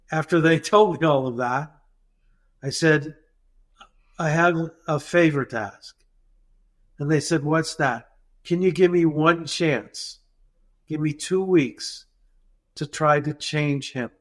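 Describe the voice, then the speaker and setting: A man, a dental practice consultant, retelling an anecdote in a podcast interview and acting out the dialogue as he goes. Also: a little high. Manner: animated, acts out dialogue in the retelling.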